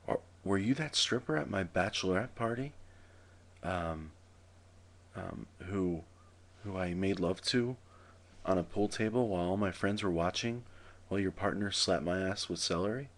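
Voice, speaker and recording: A man's voice: sits low, moderate pace. A man acting a flustered, guilty husband who rambles nervously. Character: flustered unfaithful husband in a supermarket.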